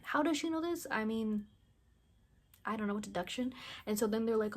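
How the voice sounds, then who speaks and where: A woman's voice: medium pitch, fairly quick. A woman casually recapping a film plot, rambling and chatty with lots of "like" and blunt, mocking asides. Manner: rambling, chatty, heavy use of "like", acts out characters' lines. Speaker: movie reviewer.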